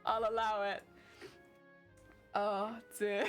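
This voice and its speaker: A woman's voice: high voice, sing-song, a little slow, fairly bright tone, faint music behind. A young British woman streaming casually while crafting, chatty and giggling often. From Britain.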